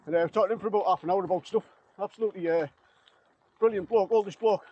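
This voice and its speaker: A man's voice: high voice, quick pace, husky. A man, out of breath after a bike ride, chatting casually and rambling in an outdoor vlog. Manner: chatty, rambling, plain-spoken. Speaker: vlogger. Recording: dull lo-fi sound with faint outdoor noise.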